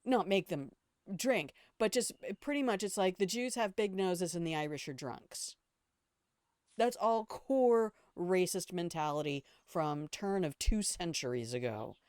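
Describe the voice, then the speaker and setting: A woman's voice: on the low side, animated, unhurried, a little mellow, smooth, no echo, clean studio sound. Blunt, foul-mouthed older woman streamer. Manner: blunt, opinionated, swears freely; rambling asides and restarts. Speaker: game streamer. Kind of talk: casual gameplay commentary.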